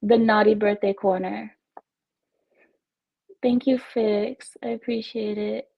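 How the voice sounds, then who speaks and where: A woman's voice: mid-range voice, steady tone, slow pace, creaky, muffled recording. A woman from Texas, hosting a casual livestream from home on wireless earbuds, chatting and giggling as she reads viewer comments. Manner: chatty, giggly, self-teasing. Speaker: livestream host.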